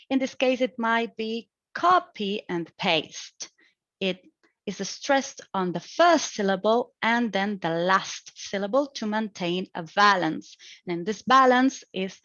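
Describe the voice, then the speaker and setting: A young woman student reading out her prepared phonetics presentation for an exam, explaining in a measured way with a few hesitant fillers. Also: medium pitch, no echo. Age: young adult. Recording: dry, dull lo-fi sound.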